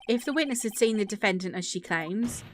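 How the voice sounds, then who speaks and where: A woman's voice: mid-range voice, animated, brisk, slight background noise, close to an everyday voice. A woman reading a confident young defense lawyer.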